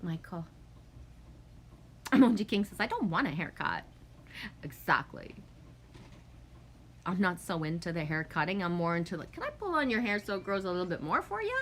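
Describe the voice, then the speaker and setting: A woman in her forties chatting casually on a livestream, reading out viewer comments and rambling through animated stories with swearing and acted-out quotes. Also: on the low side, moderate pace, long pauses, slight background noise.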